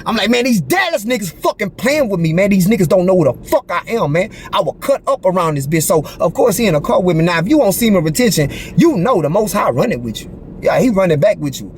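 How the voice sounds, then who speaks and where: A man with a high, lively voice tells a story in a casual monologue, leaning hard on street slang and profanity. His pitch swings widely, and he keeps asking the listener if they follow him. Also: fast, a little hiss or hum. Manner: animated, profane street slang, repeats "you feel me". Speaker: vlogger telling a personal story.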